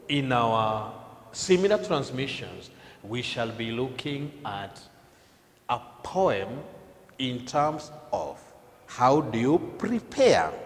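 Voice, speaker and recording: Slow, emphatic man teaching in a reverberant room. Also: medium pitch, a little hiss or hum. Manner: slow, deliberate, emphatic delivery. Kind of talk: televised classroom lesson. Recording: long hall reverb.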